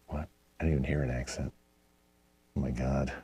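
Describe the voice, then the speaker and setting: A man with a very low voice plays an exasperated commercial director in an improv scene. He rambles through his notes with lots of fillers and sighing asides. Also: level tone, moderate pace, warm tone, slightly rough. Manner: exasperated, talky, many fillers. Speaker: improv show host, playing a commercial director.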